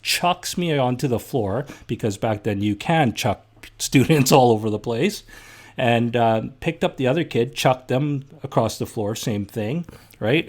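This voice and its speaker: A man's voice: mid-range voice, a little mellow. A middle-aged man, a podcast host telling stories in a casual, blunt and heated way, swearing freely. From Canada. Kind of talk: casual storytelling chat.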